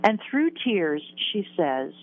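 A woman's voice: lowish voice, sing-song, slow, a little hiss or hum. A woman in her sixties, a guest in an interview, recounting a personal near-death story earnestly and emotionally, repeating words and laughing at herself. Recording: tinny phone-line sound.

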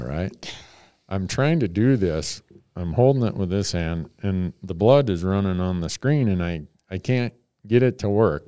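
Low, smooth-voiced man telling a story. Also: dark tone, no room sound, studio quality. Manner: rambling, self-mocking, chuckles often. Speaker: podcast host telling a story. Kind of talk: casual storytelling.

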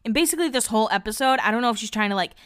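A woman's voice: a little high, expressive, racing, a bit bright, clean tone. Chatty woman recapping a show. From Boston area, United States. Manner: chatty, quotes others in little voices, laughs often. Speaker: podcast host. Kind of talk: casual recap chat.

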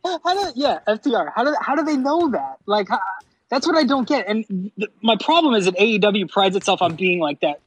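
Husky, animated male podcast co-host. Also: high voice, fairly quick, no echo, poor audio. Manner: animated, laughs often, mimics announcers. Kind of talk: casual chat.

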